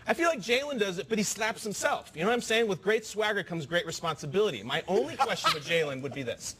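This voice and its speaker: A man hosts a studio sports talk show with a rapid, playful delivery. His voice sits a touch high and he rattles off jokes and side remarks. He keeps the banter moving. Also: noisy background. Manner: animated, playful, quick asides. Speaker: morning show host.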